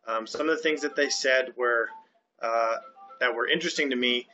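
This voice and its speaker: A man's voice: medium pitch, normal speed, pushed and bright, faint music behind. A man co-hosting a gaming channel, adding short laid-back comments and describing game footage. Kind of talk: casual game news chat. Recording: dull lo-fi sound with faint noise.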